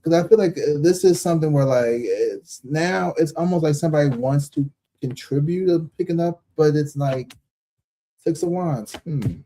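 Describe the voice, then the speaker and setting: Brief: male tarot streamer, very dark mellow tone, blunt and profane, casual delivery. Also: fairly high pitch, moderate pace, slight background noise, low-quality recording. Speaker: tarot reader and live stream host. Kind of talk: casual live-stream chat and reading.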